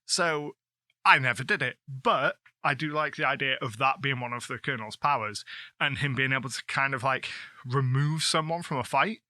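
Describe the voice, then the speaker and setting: Male podcast co-host, piercing bright tone, dry close sound, eager casual riffing. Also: mid-range voice, no room sound. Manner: enthusiastic, quick to agree and riff. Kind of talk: casual chat about tabletop games.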